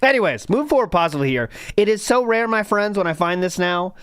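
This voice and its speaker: A man's voice: sits high, lively intonation, quick pace, a bit bright, clear, resonant tone, no room sound, studio quality. A man hosting a casual podcast, rambling and joking as he reads out chat comments. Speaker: podcast host.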